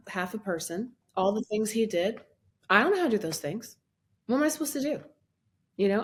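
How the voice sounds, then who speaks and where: A woman in her fifties, a guest on a podcast, tells her story at a middle pitch for a woman. She talks with lively energy, acts out the things she once said and laughs often. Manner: animated, acts out her own past words in a raised voice. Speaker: guest, minister and life coach. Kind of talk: personal storytelling in a podcast interview.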